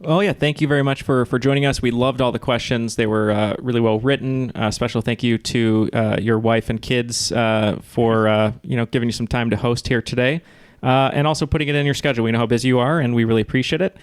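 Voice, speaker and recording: A man's voice: mid-range voice, fairly even intonation, quick pace, few pauses, smooth, no room sound. Rambling, jokey man, dry close sound. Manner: rambling and jokey, with many fillers. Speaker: podcast co-host. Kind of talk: casual podcast banter.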